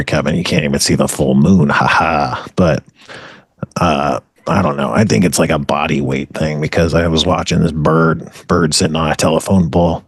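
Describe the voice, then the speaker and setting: Brief: deep raspy man, swaggering deadpan comic storyteller, dry close recording. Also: no echo. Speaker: comedy podcast co-host. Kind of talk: improvised comedic bit.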